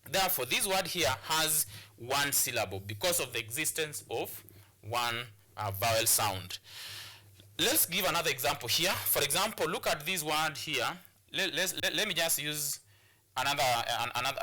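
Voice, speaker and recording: A Kenyan man teaches a televised English lesson in a bright, sharp and strained voice that sits a little above the usual pitch. He explains step by step, often repeating himself and restarting his phrases as he addresses the students. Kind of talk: classroom lesson on English pronunciation.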